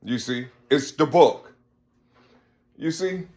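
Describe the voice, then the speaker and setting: A man's voice: fairly high pitch, lively intonation, takes it slowly, darkish tone. A man giving a rambling spiritual monologue, repeating himself often. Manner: rambling, repeats "you see" constantly.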